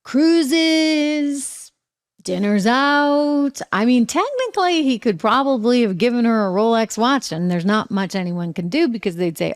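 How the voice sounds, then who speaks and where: A woman's voice: on the high side, expressive, unhurried. A woman with a New England accent hosting a talk show, giving opinionated political commentary in a sarcastic, conversational way full of rhetorical questions.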